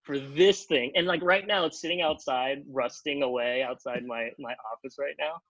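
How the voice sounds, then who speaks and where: A man telling a long anecdote on a podcast, animated, acting out the other people in pitched-up voices and leaning on "like" as he talks. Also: moderate pace, dry recording, dull audio. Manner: animated, acts out quotes in pitched-up voices, many "like" fillers. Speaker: podcast guest, TV comedy writer. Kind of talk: casual storytelling.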